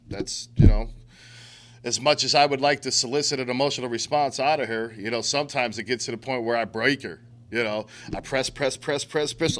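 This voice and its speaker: Blunt, bright-voiced man talking recovery. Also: mid-range voice. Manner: blunt and profane, street slang, acts out quotes. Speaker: recovery speaker. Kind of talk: candid talk to a recovery group.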